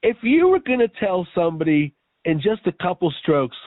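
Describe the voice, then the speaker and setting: A man's voice: high voice, big pitch swings, fairly quick, no echo. A man co-hosting a casual movie review chat, asking probing questions and summing up the plot. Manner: probing, asks leading questions, summarizes. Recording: tinny phone-like dry sound.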